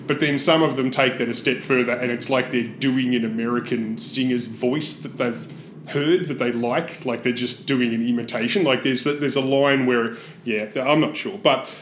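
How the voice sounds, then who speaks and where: A man's voice: medium pitch, a bit bright. Man, casual podcast co-host, hedging and chuckly, roomy sound, faint hiss. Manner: hedging, chuckles between points. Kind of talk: casual chat.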